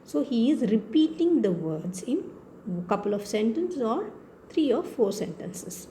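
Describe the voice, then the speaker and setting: Brief: woman schoolteacher, Indian English accent, mellow tone, patient step-by-step explainer, faint room noise. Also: fairly high pitch, big pitch swings, a little slow. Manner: patient, repetitive explaining with frequent checks for understanding. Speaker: teacher. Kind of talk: classroom lesson on poetry.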